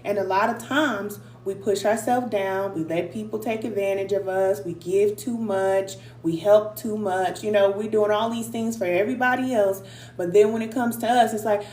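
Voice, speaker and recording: Woman hyping up her viewers, says things twice for emphasis, kinda high voice, roomy echo. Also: normal speed. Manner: emphatic, repeats short affirmations; conversational, addresses viewers directly. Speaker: spiritual self-help speaker. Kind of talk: motivational talk to camera. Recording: echoey room with faint hum.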